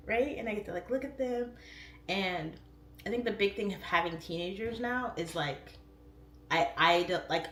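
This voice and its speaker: A woman in her thirties hosting a casual livestream, chatting openly and jumping up in pitch when she quotes herself. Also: brisk, roomy sound, a little hiss or hum. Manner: chatty, expressive, pitch jumps up for quoted voices. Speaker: livestream host.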